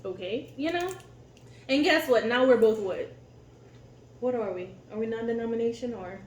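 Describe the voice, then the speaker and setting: A woman chatting casually and telling family stories with an animated, easily amused delivery. Her voice rings in an echoey room with a faint hum behind it. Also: on the high side, moderate pace. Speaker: co-host of a couple's channel. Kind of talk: casual storytelling chat.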